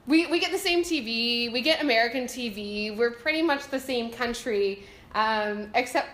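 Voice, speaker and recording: A young Canadian woman with a Canadian accent chats casually and giggles as she answers viewer questions about her home country, chatty and self-deprecating. Her voice is on the high side, a bit bright, at a moderate pace. The room is echoey.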